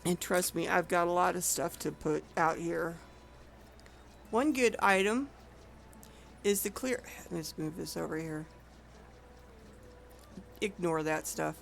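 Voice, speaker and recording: A woman's voice: lowish voice, a little slow, vocal fry, long pauses, a little hiss or hum. A woman streaming an online game, chatting casually and rambling with frequent self-corrections. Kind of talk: casual gameplay commentary.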